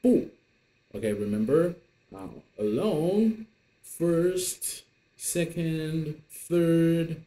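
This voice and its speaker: A man's voice: mid-range voice, very animated, slow pace, dark tone. A man teaching an online lesson in English, patient and repetitive, with many fillers. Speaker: Mandarin teacher.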